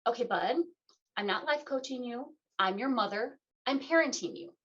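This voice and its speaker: Animated woman hosting a talk radio show. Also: a little high, moderate pace. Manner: animated, playful, acts out quoted voices. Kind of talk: casual conversational interview. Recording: dull lo-fi sound.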